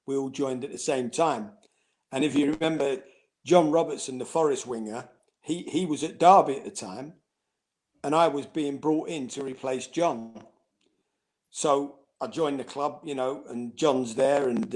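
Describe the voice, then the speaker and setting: A middle-aged former footballer telling anecdotes in a casual interview, laughing and acting out quoted voices. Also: male voice, medium pitch, darkish tone.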